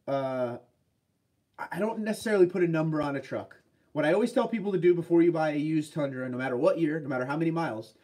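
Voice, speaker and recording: This man's voice sits fairly high and has a dark tone. A New Englander with a Boston accent and a head cold, he hosts a casual livestream, reading chat comments aloud and answering viewer questions about trucks in a laid-back way.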